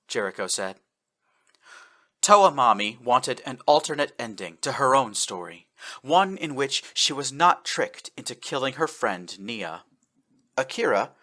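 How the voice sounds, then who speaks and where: Bright, lively male narrator. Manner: expressive, shifts pitch for characters. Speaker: fanfiction audiobook reader. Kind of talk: scripted narration.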